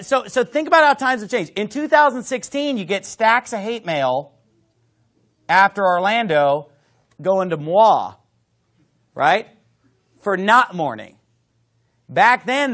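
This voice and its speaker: A man's voice: sits high, fairly bright tone. A man preaching a sermon, emphatic, with conversational asides to the congregation. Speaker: pastor.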